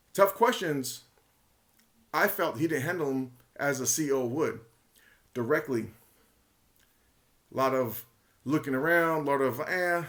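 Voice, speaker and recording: A man's voice: mid-range voice, fairly bright tone. A man talking casually and emphatically in a monologue, sharing his opinions as a retail investor commentator, often repeating himself and speculating.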